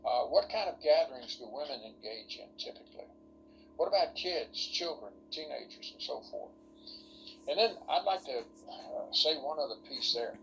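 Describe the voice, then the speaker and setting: A man's voice: medium pitch, very animated, normal speed, a bit bright, slight background noise, poor audio. A man lecturing ministry students in an online workshop over a video call, folksy and rambling, full of rhetorical questions.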